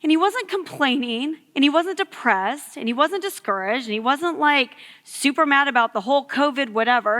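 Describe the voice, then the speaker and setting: Woman in her thirties, youth sermon, chatty storyteller, high bright voice, echoey hall. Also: lively intonation, normal speed, few pauses. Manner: storytelling, conversational with many fillers. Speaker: youth ministry speaker. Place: church hall.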